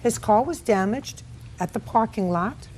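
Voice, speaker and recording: An older woman presides as a TV courtroom judge on a television set, her voice fairly high, animated, unhurried, and darkish, with a little hiss or hum. She questions litigants sternly and bluntly, with cutting remarks, and interrupts them often.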